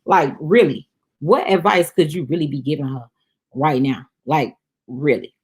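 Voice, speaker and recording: A woman's voice: sits low, a little slow, darkish tone, husky. A woman hosting a review show, chatting casually through an episode recap and talking straight to her viewers. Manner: chatty, addresses viewers as "y'all".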